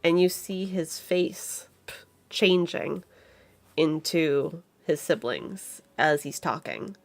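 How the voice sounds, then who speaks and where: A woman narrating as game master of a tabletop game, describing scenes slowly with fillers. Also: deep voice, animated, gravelly, no room sound.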